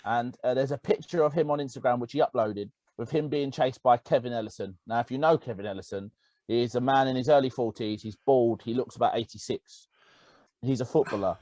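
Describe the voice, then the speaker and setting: Animated man telling football stories. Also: medium pitch, a little fast, dry recording, poor audio. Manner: animated storytelling, laughing. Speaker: podcast co-host. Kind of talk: casual football chat.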